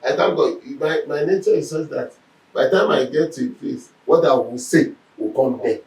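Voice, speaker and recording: A man's voice: on the high side, moderate pace, far from the mic. Man teaching in an echoey room. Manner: animated storytelling, acts out quoted speech. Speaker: Bible teacher. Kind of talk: Bible lesson.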